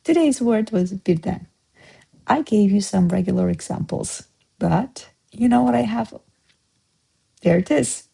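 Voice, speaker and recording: A woman teaching a word-of-the-day language lesson, explaining slowly and repeating words for learners. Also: medium pitch, expressive, creaky, warm tone, slightly rough, low-quality recording. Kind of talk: vocabulary lesson.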